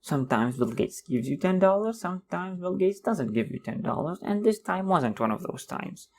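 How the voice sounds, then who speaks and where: A man's voice: sits high, animated, moderate pace, darkish tone. A young man hosting a podcast, rambling through a sarcastic casual rant and slipping into mocking voices. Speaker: podcast host. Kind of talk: casual monologue.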